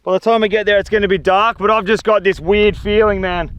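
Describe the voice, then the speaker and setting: Excitable high-voiced Australian man vlogging. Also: fairly quick, smooth, no echo. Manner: chatty, slangy, excitable. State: tired. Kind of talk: casual outdoor vlog talk. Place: outdoors in desert dunes and scrub.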